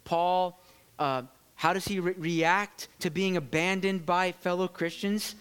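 A man preaching a sermon to his church, animated and swinging from loud bursts to hushed moments. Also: high-pitched, a little slow, clear, resonant tone. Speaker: pastor.

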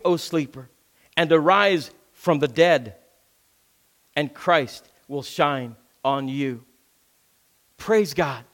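A man preaching a sermon, earnest and emphatic, repeating phrases for stress and quoting scripture. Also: on the high side.

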